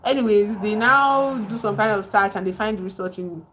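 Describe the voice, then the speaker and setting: A woman's voice: mid-range voice, fairly even intonation, normal speed, fairly bright tone, slight background noise. A woman live streaming, casually retelling a novel and breaking off to greet viewers in the chat. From Nigeria.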